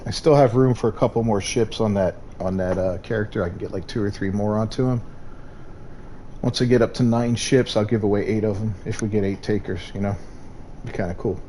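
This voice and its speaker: A man's voice: lowish voice, fairly even intonation, a little fast, dark tone, a little hiss or hum. A man hosting a gaming livestream, chatting casually in a laid-back way and thinking aloud. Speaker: streamer host.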